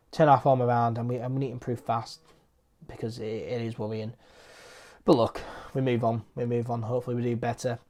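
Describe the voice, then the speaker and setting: A man's voice: medium pitch, mellow. A man hosting a football match review vlog, frustrated and repeating his points for emphasis. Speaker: football fan channel host.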